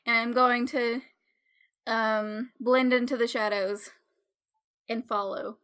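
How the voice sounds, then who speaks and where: A woman playing in a tabletop game, with playful, quick replies. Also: a little high, steady tone, a bit bright, clear, resonant tone. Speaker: player.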